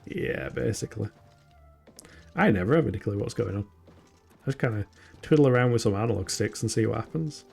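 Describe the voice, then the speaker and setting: A man's voice: lowish voice, expressive, fairly quick, creaky, pauses often, a little mellow, slightly rough, faint music behind. A man from the UK with a northern English accent, chatting casually and laughing at himself while streaming a game. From United Kingdom. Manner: chatty and self-mocking, laughs often. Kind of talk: casual gameplay commentary.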